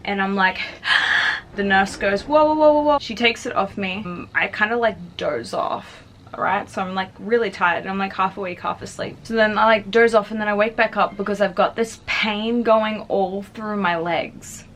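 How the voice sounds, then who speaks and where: A young adult woman vlogger casually tells a personal story in a medium-pitched, fairly bright voice with fairly even intonation and a moderate pace. She's chatty and filler-heavy, saying "like" often, with slight background noise behind her.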